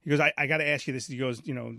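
This podcast host from New York, in his 40s, has a gravelly mid-range voice and a rapid-fire delivery. He animatedly tells a casual story, acting out its voices and repeating himself, recorded as clean studio sound with no room sound.

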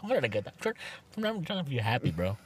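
A man's voice: medium pitch, wildly swooping pitch, rapid-fire, a little hiss or hum. A man co-hosting a podcast, chatting casually and teasing his friend with lots of swearing. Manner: profane, teasing. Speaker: podcast co-host. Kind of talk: casual chat.

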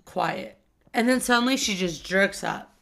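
A young woman who teaches school, chatting casually on a podcast, animated and laughing as she tells stories. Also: medium pitch, unhurried, creaky. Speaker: co-host, teacher.

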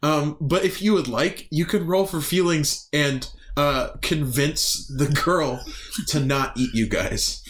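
A young man narrating a tabletop game as game master, halting and giggly. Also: a little high, fairly bright tone.

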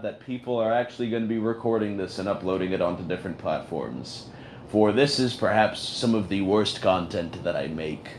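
A man's voice: fairly low pitch, slight background noise. A man hosting a casual audio chat, rambling in an ironic, self-mocking way. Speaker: host of an audio chat room.

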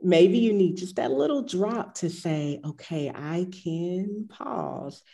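A middle-aged woman with a low, mellow voice, telling stories from her yoga practice. She speaks in a reflective, conversational way. She mimics her own past reactions as she goes. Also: lively intonation, slow pace, gravelly. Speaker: yoga teacher. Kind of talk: casual conversation.

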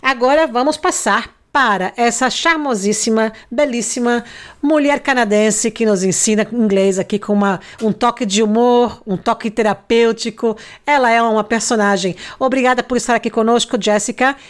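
A woman's voice: fairly high pitch, a little fast. A woman hosting a radio show, introducing her guest with effusive praise. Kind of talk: broadcast introduction in Portuguese.

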